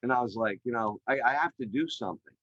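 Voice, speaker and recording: A middle-aged man tells his story over a video call, energetic and chatty, with his sentences full of "you know." His voice comes through dry and close, with a slightly muffled, narrow sound. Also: mid-range voice, quick pace, dry recording. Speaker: podcast guest, real estate developer. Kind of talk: animated storytelling in an interview. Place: remote call.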